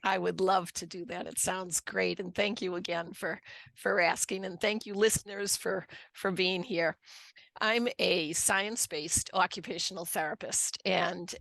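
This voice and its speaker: Low gravelly woman with a Boston accent. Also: fairly even intonation, fairly bright tone, dry recording. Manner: earnest, unhurried, with restarts and repeated words. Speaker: guest. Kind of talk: personal storytelling in an interview.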